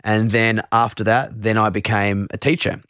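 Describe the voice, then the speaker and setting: Low-voiced man explaining calmly, dry close sound. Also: normal speed, clean tone, no room sound. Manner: relaxed, explains with many restarts and asides. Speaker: meditation teacher. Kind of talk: explanatory interview talk.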